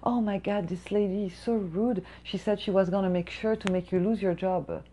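A woman's voice: medium pitch, fairly even intonation, moderate pace, dark tone, natural voice. A woman voicing a rude, demanding female restaurant customer in a whiny, accusing tone. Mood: gossiping.

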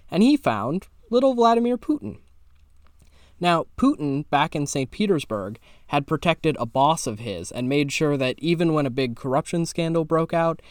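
A young man hosting a podcast, telling a story in a loose, improvised way, sarcastic and casually swearing, with sudden jumps in pitch for emphasis. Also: dry recording, clean studio sound. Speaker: podcast host.

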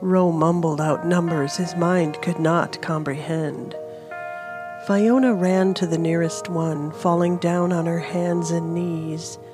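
Slow, low-voiced woman narrating fantasy. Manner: slow, steady storytelling. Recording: fantasy music playing behind.

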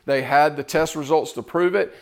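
A man's voice: fairly high pitch, normal speed. A man preaching in a casual storytelling way, acting out the lines of the people in his story. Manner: animated, acts out quoted exchanges. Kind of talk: storytelling sermon.

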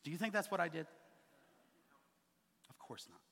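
Animated pastor in a reverberant hall. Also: male voice, on the high side, moderate pace, creaky, slight background noise. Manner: animated storytelling, acting out quoted voices. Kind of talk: sermon. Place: church sanctuary.

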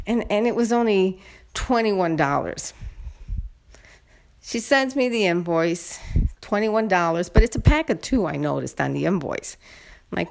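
A woman's voice: medium pitch, expressive, normal speed, gravelly, long pauses. A woman telling viewers a personal story in a casual, indignant, venting way, addressing them directly. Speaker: vlogger.

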